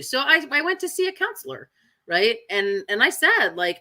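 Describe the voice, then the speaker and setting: A woman dog trainer talking candidly in casual chat, often tagging her sentences with "right?" and filling pauses with "um". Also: high voice, very animated, pushed and bright. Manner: candid, frequent fillers and "right?" tags.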